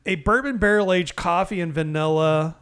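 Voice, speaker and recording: Animated higher-voiced man riffing on beer. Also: moderate pace, clear, resonant tone. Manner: animated, profane, exaggerated storytelling. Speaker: podcast co-host. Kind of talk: casual beer-review banter.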